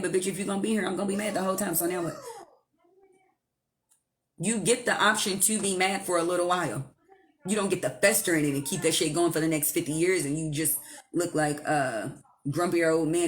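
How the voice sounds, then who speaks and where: A woman hosting a casual live stream from home, giving spiritual advice in a blunt, profane, animated way. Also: lowish voice. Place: at home with her child nearby.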